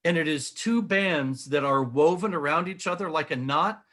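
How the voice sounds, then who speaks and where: A middle-aged man, slightly raised in volume, explains shapes with earnest eagerness, demonstrating on models and pointing things out as he goes, like a guest in conversation. His voice is fairly high and bright, at a normal speed, and the explanation is animated.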